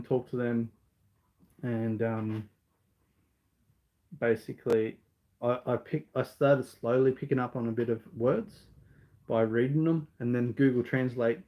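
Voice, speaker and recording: Speaking in a mid-range voice over dull audio, an Australian man fields questions from viewers during a relaxed live Q&A. His answers are sincere but meandering, peppered with ums and false starts.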